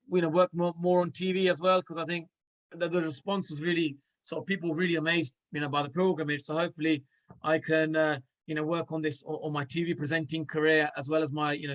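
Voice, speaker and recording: A man's voice: fairly high pitch, a bit bright, rough recording. A man who is a former cricketer, a guest in a casual interview, speaking hesitantly with many restarts and fillers.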